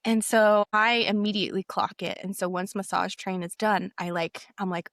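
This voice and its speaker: A woman's voice: mid-range voice, steady tone, moderate pace, hardly any pauses, dry recording. A young adult woman recounts her own experience as a podcast guest, speaking candidly in a mid-range voice. She talks in a hesitant, conversational way, full of fillers and restarts. The recording is dry and close, with no room sound. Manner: hesitant, with frequent fillers and self-corrections. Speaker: guest sharing a personal story. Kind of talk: candid personal storytelling.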